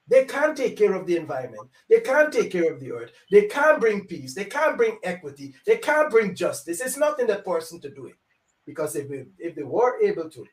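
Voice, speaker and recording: An older man speaking as an elder guest on a live show, preachy, repeating phrases for emphasis and swinging between loud and quiet. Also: sits high. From Africa. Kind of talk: impassioned live show monologue. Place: home. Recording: roomy, distant mic.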